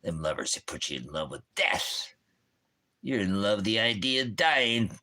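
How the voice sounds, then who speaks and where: A man's voice: fairly low pitch, very animated, normal speed, pushed and bright. A man hosting a ministry stream from home, rambling in a casual monologue full of puns and rhyming wordplay. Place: at home with a dog and a fire.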